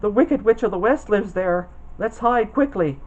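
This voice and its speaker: A man's voice: sits high, lively intonation, moderate pace, a little mellow, highs cut off, slight background noise, pitched above the performer's own voice. A man voicing a timid, weepy male lion in a children's storybook, fearful and whiny.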